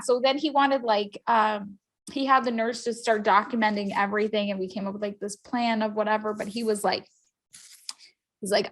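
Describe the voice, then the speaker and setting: A woman co-hosting a talk show, telling a personal story in a casual, emphatic and animated way, full of "like" fillers. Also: medium pitch. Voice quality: rambling with many "like" fillers. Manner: animated, emphatic, fast swings in loudness. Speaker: podcast co-host.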